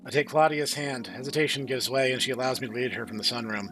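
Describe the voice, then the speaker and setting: A man hosting a game channel, reading a visual novel aloud in a measured manner, dropping to a low murmur for narration. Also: fairly even intonation, a bit bright, soft background music. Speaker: host.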